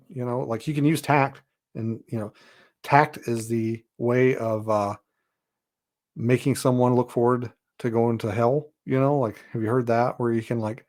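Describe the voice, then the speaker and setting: A man's voice: medium pitch, fairly even intonation, a little slow, darkish tone. A man hosting a podcast, talking in a casual, rambling monologue full of "you know" and "uh", frank and a little exasperated. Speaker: podcast host.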